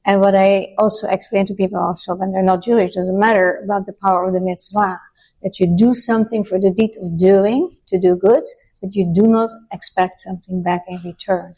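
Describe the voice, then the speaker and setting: A woman asks questions in a casual interview. Her voice is mid-pitched and ordinary. She talks freely in loose, slightly unusual phrasing and laughs easily. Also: fairly even intonation, brisk, warm tone, poor audio.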